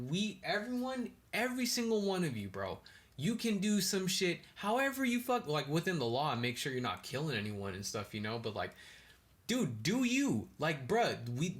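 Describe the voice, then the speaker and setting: Young male podcast host, solo, stoned, slangy and profane, rants in bursts and rambles off on tangents. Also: fairly high pitch. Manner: ranting, animated bursts. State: high. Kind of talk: casual rambling monologue.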